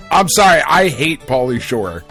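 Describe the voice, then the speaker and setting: A male podcast co-host in easygoing casual chat, quick to laugh. His voice sits fairly high, and he takes his time with each line. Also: sing-song, a bit bright, faint music behind.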